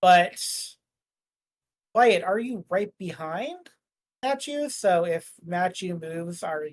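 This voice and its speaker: A man's voice: high voice, lively intonation, slow pace. A man running a tabletop game as game master, describing the scene in a loose, rambling way full of "like" and "uh". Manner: rambling, filler-heavy, jokey.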